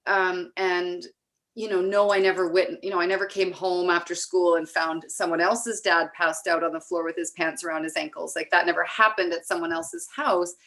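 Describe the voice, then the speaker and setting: Canadian woman guest, slightly low voice, reflective, halting, restarts often, open and candid talk. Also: steady tone, fairly bright tone. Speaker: guest, recovery advocate. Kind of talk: candid personal conversation.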